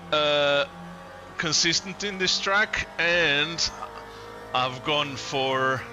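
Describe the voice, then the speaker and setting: Slow-talking male sim racing streamer. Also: on the high side. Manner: chatty, greets viewers by name; talks while concentrating on driving. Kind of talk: live-stream chat while racing. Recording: game stream with loud background music. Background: music in the background.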